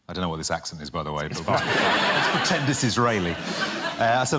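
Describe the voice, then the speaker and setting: A man, an actor guest, telling an animated anecdote on a comedy panel show. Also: low voice, quick pace, noisy background.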